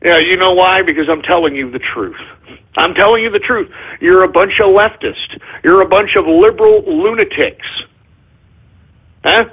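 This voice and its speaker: A man hosting a political talk radio show, ranting combatively and breaking into shouted bursts. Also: high voice, lively intonation, normal speed, breathy edge. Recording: phone-like narrow band.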